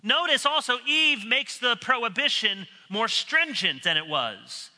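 A man preaching an expository sermon, emphatic and animated, dropping low and quiet when he quotes others. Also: a little slow. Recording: long reverb of a large hall.

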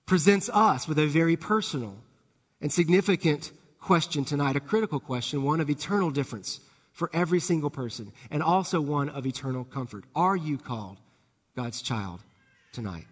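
A man pastor preaching an evening sermon in a church, rising louder and higher on key words and sinking soft and low on others. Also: expressive, normal speed, slightly rough. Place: church sanctuary. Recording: long hall reverb.

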